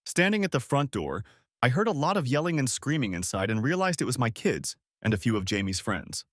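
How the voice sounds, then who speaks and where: Animated male audiobook narrator. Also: medium pitch, fairly quick, no echo, clean studio sound. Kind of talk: first-person audiobook story narration.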